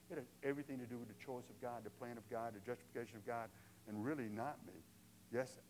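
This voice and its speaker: An older male pastor preaching a sermon in a conversational way, moving from quiet asides to emphatic questions. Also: mid-range voice, a little hiss or hum, rough recording.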